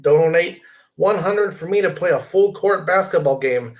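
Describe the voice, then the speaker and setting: A man's voice: high-pitched, normal speed. A middle-aged man hosting a casual live stream from his computer desk, rambling, reading viewer comments aloud and inviting people to join.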